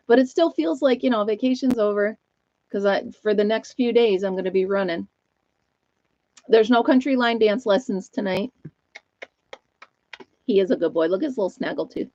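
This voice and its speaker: This older retired woman chats loosely on a live knitting stream from her home, laughing a lot as she rambles. She speaks in a mellow, mid-range voice at a moderate pace with frequent pauses, and the audio is dry, dull, and lo-fi.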